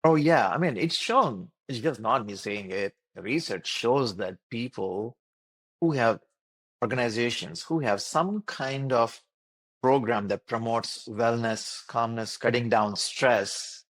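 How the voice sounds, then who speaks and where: A doctor, speaking earnestly as a podcast guest and explaining with repeated phrases and lists. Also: male voice, mid-range voice, slow pace, fairly bright tone, dry recording. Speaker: doctor and wellness program creator.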